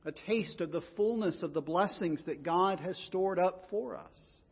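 Husky high-voiced man preaching. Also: measured pace, big-room sound, lo-fi sound. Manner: earnest, repeats words while preaching. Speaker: pastor. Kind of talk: sermon.

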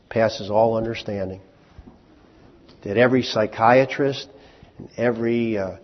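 A man preaching a sermon as pastor, conversational and joking, dropping to a hush and then bursting out loud. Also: on the low side, slightly rough. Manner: animated, jumps from hushed to loud in sudden bursts. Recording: long hall reverb, dull lo-fi sound.

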